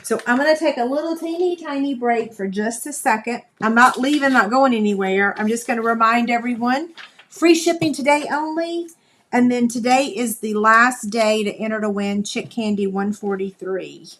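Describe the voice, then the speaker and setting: A woman with a slightly high, fairly bright voice talks at a normal pace, with a bit of noise in the background. She's hosting a crafting livestream, demonstrating a project live and chatting with viewers in a folksy way as she works.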